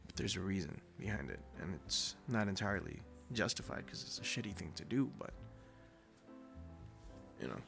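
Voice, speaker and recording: A man's voice: low voice, sing-song, moderate pace, pauses often, over music. A man in his twenties hosting a podcast, telling a story in blunt, casual talk full of swearing and "dude.". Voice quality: gravelly. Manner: blunt, heavy swearing, says "dude" often. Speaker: podcast host.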